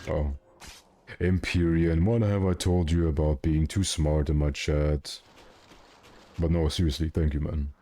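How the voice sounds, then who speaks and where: Deep-voiced rambling streamer guy. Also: fairly even intonation, a little slow, dark tone. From Germany. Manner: rambling, jokey, self-correcting. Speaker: game streamer. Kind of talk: casual livestream chat.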